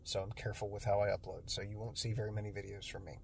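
On his lunch break at a construction site, this electrician vlogs casually about his job, earnest and self-deprecating, his voice nasal. He speaks in a lowish, fairly flat voice at a racing pace with vocal fry, and a little hiss or hum sits under the audio.

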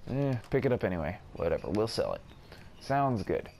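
A man's voice: fairly low pitch, big pitch swings, a little fast, gravelly, darkish tone, slight background noise. A man casually commenting while playing a video game, chatty and self-deprecating, with mild exclamations. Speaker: gaming video host. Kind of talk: casual let's-play commentary.

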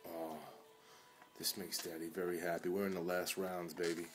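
A man filming at home, talking tenderly and coaxingly to his sick dog in soft baby talk that often drops to a murmur. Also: low-pitched, flat delivery, moderate pace, faint music behind. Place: at home indoors.

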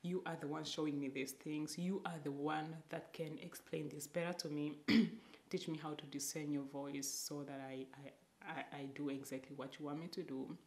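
Low-voiced woman sharing emotional faith testimony. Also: steady tone, darkish tone, reverberant. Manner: emotional, halting, drops to whispers. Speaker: vlogger.

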